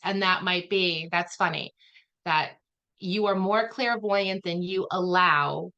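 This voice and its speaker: A woman's voice: on the low side, slow pace, pushed and bright, dull audio. A woman healer chatting loosely about a healing session, rambling with lots of "like" fillers. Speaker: spiritual healer guest. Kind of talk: casual chat explaining a healing session.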